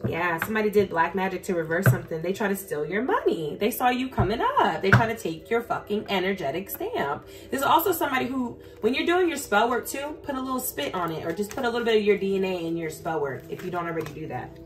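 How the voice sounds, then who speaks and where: A woman's voice: mid-range voice, sing-song, quick pace, few pauses. Blunt, fired-up woman reading tarot. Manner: blunt, profane, talks straight to viewers; gets heated and emphatic. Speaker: tarot reader. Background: faint background music.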